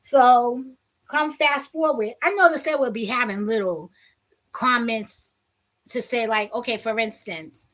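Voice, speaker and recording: A woman vlogger telling a personal story in a casual, blunt, animated way, with some profanity. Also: on the high side, a little slow.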